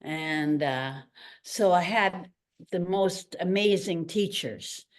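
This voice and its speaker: Her voice sits on the low side, and she takes her time. She's an older woman from Canada, once a ballerina and now a retired teacher, chatting casually as a guest and animatedly voicing the characters in her anecdotes.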